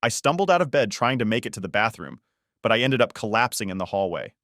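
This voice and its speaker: A man's voice: lowish voice, very animated, quick pace, a bit bright, no echo, clean studio sound. A man narrating a scripted first-person story in a casual, conversational way.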